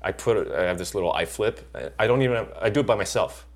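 A middle-aged actor in casual chat, telling lively stories and acting out the people he quotes. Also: on the low side, quick pace. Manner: animated storyteller acting out quoted voices. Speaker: actor guest.

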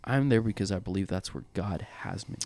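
A man's voice: sits low, expressive, darkish tone, no room sound. A man sharing a personal story from church ministry, talking earnestly with many restarts and repeated words. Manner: earnest, halting with frequent restarts. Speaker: church worship leader. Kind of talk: candid conversational storytelling.

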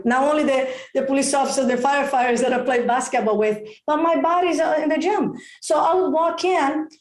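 High-pitched woman, expressive, excitable real estate agent, echoey room. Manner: expressive, excitable, many exclamations. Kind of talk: enthusiastic interview advice.

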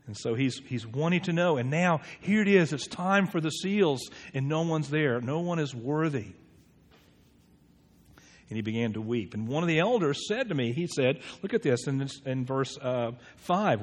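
A man delivers an earnest sermon as a pastor, his voice a bit high for a man. He asks his listeners questions and moves between hushed prayer and lively explanation. The sound carries a long reverb from a church hall. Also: normal speed.

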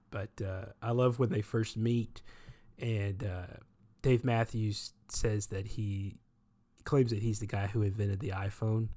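Rambling male podcast host. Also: on the low side. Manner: rambling, self-correcting, laughing at his own retellings. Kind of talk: casual movie-talk monologue.

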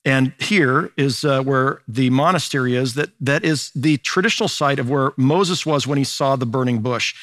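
A man's voice: medium pitch, moderate pace, few pauses, a bit bright, no echo, studio quality. A man preaching a sermon as a pastor, in a conversational teaching manner with frequent fillers and restarts.

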